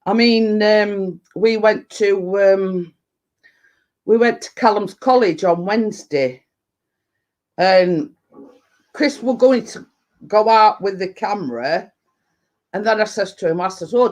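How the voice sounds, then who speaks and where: A middle-aged woman with a Yorkshire accent and a slightly deep voice, chatting casually on a livestream and rambling with lots of fillers. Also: measured pace, long pauses, a little mellow. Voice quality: a bit deep. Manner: rambling, full of fillers and restarts. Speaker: livestream host. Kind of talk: casual live chat.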